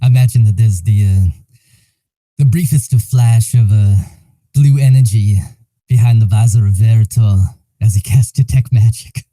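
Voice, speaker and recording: Dark-voiced, laughing tabletop player. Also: male voice, fairly low pitch, moderate pace, no echo. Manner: animated, laughing, swears casually. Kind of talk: casual tabletop game play.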